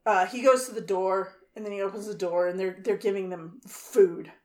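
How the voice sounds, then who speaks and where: A woman's medium-pitched voice moves at a moderate pace as she co-hosts a casual podcast chat. Recounting a film's plot, she swears freely and animatedly acts out the quotes in what becomes a film rant.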